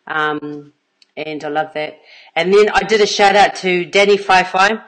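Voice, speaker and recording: A woman's voice: lowish voice, fairly even intonation, unhurried, a bit bright, poor audio. A middle-aged woman, an intimacy coach telling stories in a casual livestream, earnest and rambling, with plenty of fillers and laughs between her thoughts.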